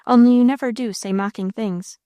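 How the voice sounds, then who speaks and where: A woman voicing a proud, reserved young woman who is quietly unhappy, speaking slowly and with careful composure. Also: on the high side, steady tone, smooth, dry recording, studio quality, lightly acted.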